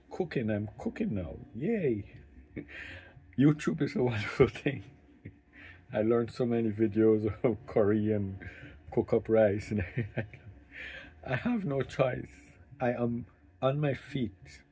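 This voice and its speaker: A middle-aged man speaking candidly about caring for his mother, emotional and halting, often restarting his sentences. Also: fairly low pitch, warm tone, slightly rough. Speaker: family caregiver. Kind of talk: candid personal talk to camera.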